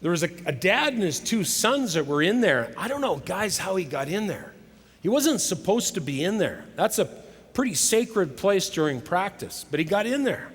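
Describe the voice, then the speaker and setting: A middle-aged man giving a motivational sermon at a conference, telling stories dramatically and swinging between loud and hushed delivery. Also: sits high, sing-song, moderate pace, slightly rough. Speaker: conference speaker. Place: large hall with live audience. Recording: live hall recording with long reverb.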